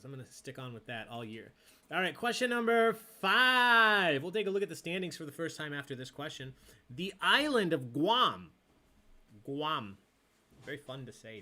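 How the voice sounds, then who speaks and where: A man hosts a live trivia night with a bright, forceful voice. He reads questions and answer tallies in a playful, chatty way and jokes with the players between questions. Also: a little high. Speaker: trivia host. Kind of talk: live-streamed trivia hosting.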